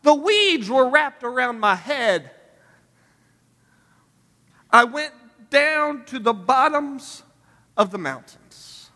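Male preacher, sermon, impassioned, shouts, very bright tone. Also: very high-pitched, big pitch swings, slow, pauses often, big-room sound. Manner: impassioned, rising to shouted pleading.

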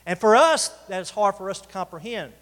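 A man's voice: high-pitched, lively intonation, fairly bright tone. A man preaching a sermon to his congregation, calling for responses and stretching out key words for emphasis. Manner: preaching with call-outs to the congregation, drawn-out emphasis. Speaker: pastor. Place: church sanctuary. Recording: reverberant church hall.

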